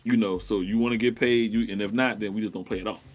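A man co-hosting a casual sports talk show, animated, repeating himself and laughing often. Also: fairly low pitch, quick pace.

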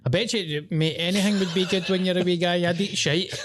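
Scottish man, slightly higher voice, sweary, self-deprecating, casual. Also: steady tone, noisy background. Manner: self-mocking, sweary, quick to laugh. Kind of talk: casual chat.

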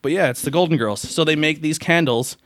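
A man's voice: a little high, a little fast, fairly bright tone, dry recording. Chatty man on a dry video call. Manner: jokey, acts out quotes in put-on voices. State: out of breath. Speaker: podcast host. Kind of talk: casual interview chat.

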